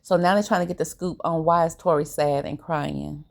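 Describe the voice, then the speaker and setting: A woman giving a casual, opinionated recap of a reality TV episode, animated and colloquial. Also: low voice, moderate pace, gravelly. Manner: animated, opinionated, briefly acts out quoted lines; relaxed colloquial grammar.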